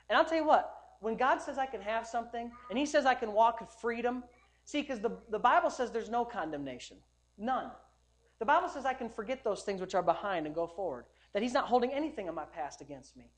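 A male pastor preaching a sermon at a church service, emphatic and repetitive, building up to loud declarations. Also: sits high, animated, quick pace.

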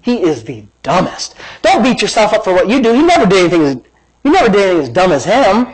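A man pastor preaching in a lively, conversational style. His voice sits high for a man, and he mixes excited exclamations with joking asides. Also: quick pace, rough recording. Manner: animated, conversational preaching with playful jabs. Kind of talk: sermon.

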